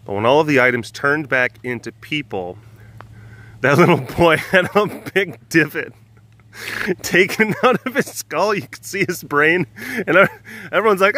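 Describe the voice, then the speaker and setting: A man's voice: fairly high pitch, animated, a little slow, slight background noise. Chatty man vlogging at a big cat sanctuary. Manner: chatty and jokey, coos softly at animals. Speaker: big cat keeper at a wildlife facility. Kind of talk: casual walking vlog. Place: outdoors at an animal sanctuary. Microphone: handheld phone.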